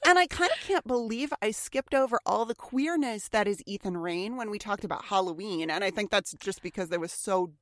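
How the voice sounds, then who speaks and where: Woman podcast co-host, animated casual chat, mid-pitched, dry close mic. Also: fairly quick, hardly any pauses, dry recording. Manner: animated, swears casually, acts out quoted lines. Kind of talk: casual chat about a TV show.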